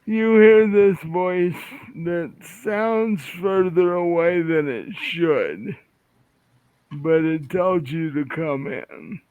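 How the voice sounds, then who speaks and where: Slow-talking man game master on a tinny line. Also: high-pitched, clean tone, dry recording. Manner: halting, restarts and trails off while describing scenes. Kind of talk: narrating a tabletop game. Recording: tinny phone-like line, dry.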